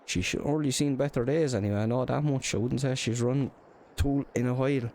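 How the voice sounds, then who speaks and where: A man's voice: mid-range voice, steady tone, a little fast, darkish tone. A man with an Irish accent narrating a farming roleplay in a chatty storytelling way, full of local slang. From Ireland. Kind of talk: casual in-character roleplay narration.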